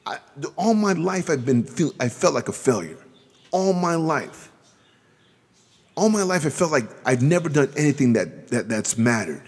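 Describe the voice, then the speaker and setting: A man's voice: on the high side, big pitch swings, normal speed, breathy edge, in a large hall. A man hosting his own motivational podcast, talking earnestly with lots of repeated words and restarts. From Southeast San Diego. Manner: earnest, repetitive, stumbling restarts. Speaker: podcast host.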